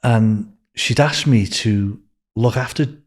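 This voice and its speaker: A man's voice: fairly low pitch, slow pace, a little mellow. An older man with a Liverpool accent, a podcast guest telling long anecdotes with restarts and swearing. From England. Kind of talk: storytelling in a podcast interview.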